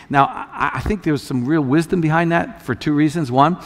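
A man preaching a sermon as a pastor, conversational with many restarts, building to loud emphatic peaks. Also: on the high side, lively intonation, brisk, few pauses, long reverb tail.

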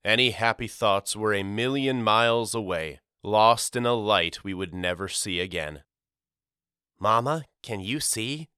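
A man reads a novel in first person, measured and somber. His voice is lowish yet bright and smooth. It is recorded dry and close to the mic. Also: dry recording. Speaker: audiobook narrator. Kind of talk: scripted first-person narration.

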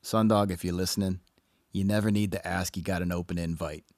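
A man's voice: low-pitched, steady tone, fairly quick, a little mellow, dry recording, clean studio sound. A man co-hosting a podcast, chatting casually over a video call in a joking, teasing, mock-indignant way. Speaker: podcast co-host. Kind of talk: casual chat.

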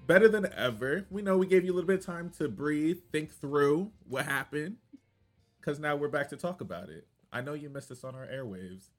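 Young American male podcast host, animated, playful, casual chat. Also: on the high side, fairly quick, faint music behind. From United States. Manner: animated, laughs often, playful.

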